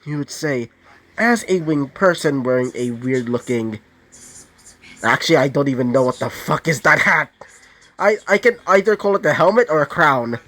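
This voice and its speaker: A young man casually narrating an improvised fan-fiction story, rambling with many fillers and asides, now and then clearing his throat. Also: a little high, animated, normal speed, a bit bright.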